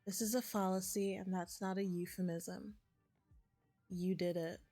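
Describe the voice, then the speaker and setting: A woman's voice: mid-range voice, flat delivery, a little slow, dark tone, soft background music. A woman streaming a game, reading the dialogue aloud between chatty asides. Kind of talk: casual gameplay commentary.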